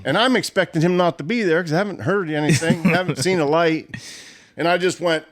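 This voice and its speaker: A man telling a hunting story in casual talk, animated and often laughing. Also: fairly high pitch, fairly quick. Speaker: guest storyteller.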